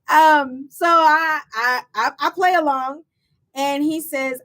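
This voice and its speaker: A woman, hosting her show and telling a personal story with lively acted-out quotes and laughs. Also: high-pitched, moderate pace. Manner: animated, acts out quoted voices with laughs. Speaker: show host and founder. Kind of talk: personal storytelling to a live audience.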